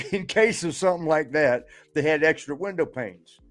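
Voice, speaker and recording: A man's voice: a little high, unhurried. An older man, a retired wrestler, telling rambling stories on a podcast, laughing often and swearing. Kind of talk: casual storytelling.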